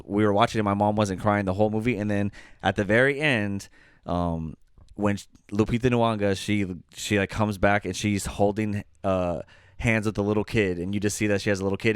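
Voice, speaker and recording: A man co-hosting a casual podcast chat, excitable and profane, his voice jumping up when he gets worked up. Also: clear, resonant tone, no room sound, studio quality. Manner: excitable, swears a lot, jumps high when animated. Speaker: podcast co-host.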